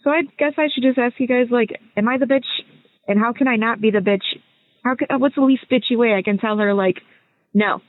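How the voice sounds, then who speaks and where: A woman's voice: a little high, brisk, dry recording. A woman in her twenties leaves a casual, rambling voice message for a podcast, hesitating and correcting herself as she goes. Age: 20s. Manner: rambling, hesitant, self-interrupting. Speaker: listener caller sending a voice message. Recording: thin phone-line sound.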